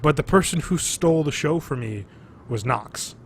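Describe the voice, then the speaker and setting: A man's voice: fairly high pitch, lively intonation, moderate pace, a little hiss or hum. A man co-hosting a casual podcast chat over drinks, talking animatedly, swearing freely and using lots of fillers. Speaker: podcast co-host.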